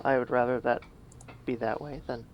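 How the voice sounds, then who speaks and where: A man co-casting a video game match, chatty and gossipy, with a gravelly edge. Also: medium pitch, steady tone, moderate pace, highs cut off, noisy background. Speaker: esports co-caster. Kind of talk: casual game commentary.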